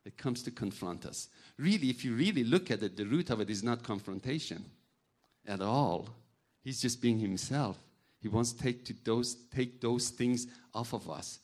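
A man's voice: mid-range voice, normal speed. Man preaching. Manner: animated storytelling, acts out voices, non-native grammar. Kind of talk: sermon with personal stories.

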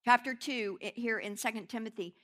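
Fervent middle-aged woman preacher, bright tone. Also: fairly high pitch, a little fast. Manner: emotional testimony swelling into fervent preaching. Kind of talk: sermon.

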